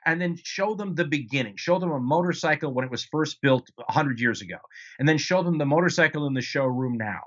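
A man's voice: fairly high pitch, expressive, a little fast, a bit bright. A man answers interview questions as the author of a book. He talks in a discursive way, restarting phrases and checking in with rhetorical questions. His audio sounds slightly dull and lo-fi. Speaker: author guest.

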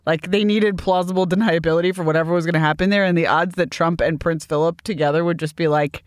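A woman on a discussion panel, chatty and wry, halting with fillers. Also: fairly low pitch, steady tone, no echo, clean studio sound. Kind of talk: podcast discussion.

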